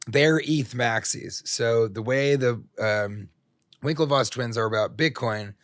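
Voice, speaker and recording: A man's voice: medium pitch, unhurried, a bit bright, no echo, studio quality. A middle-aged man, a comedian guest on a podcast, telling long rambling stories full of jokes and swearing. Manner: rambling, profane, jokey storytelling. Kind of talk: casual interview chat.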